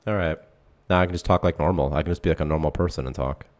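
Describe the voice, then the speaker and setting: Very deep-voiced man on a livestream. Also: rapid-fire, a little mellow. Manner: frustrated, swearing, muttering to himself. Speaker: game developer on a livestream. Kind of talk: casual livestream chat. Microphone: desk microphone at a computer.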